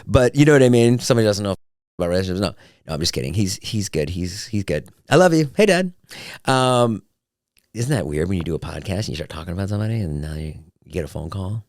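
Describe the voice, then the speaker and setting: Speaking fast in a low voice, this man hosts a solo podcast and keeps the talk casual. He tells stories with animation, performing the quotes himself. It's studio-quality audio with no room sound.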